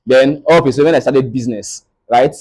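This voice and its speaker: Preaching motivation rooted in faith to a live crowd, this young Nigerian speaker keeps asking "right?" in his Nigerian English accent. He talks quickly in a mid-range, a little mellow, slightly rough voice, and the recording is rough.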